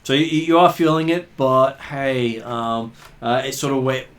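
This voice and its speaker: A man's voice: medium pitch, level tone, unhurried. Man, game master, hesitant narration, distant mic, roomy echo. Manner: hesitant, many ums and uhs.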